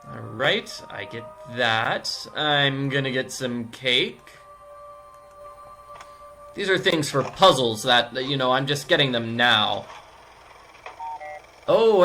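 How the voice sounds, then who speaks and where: A man's voice: medium pitch, bright, forceful tone. Playful rambling male game commentator. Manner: chatty, playful, rambling with restarts. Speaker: gaming video host. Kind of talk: casual let's-play commentary.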